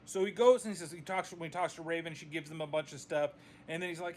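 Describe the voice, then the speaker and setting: Man, movie vlogger, high voice, profane exasperated rant. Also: quick pace, slight background noise. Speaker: movie reviewer. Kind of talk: casual video review.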